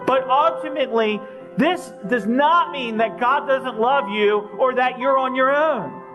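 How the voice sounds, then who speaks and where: A man's voice: very high-pitched, unhurried, lo-fi sound, over music. A man preaching an earnest sermon as pastor, with emphatic repetition and direct questions to his listeners.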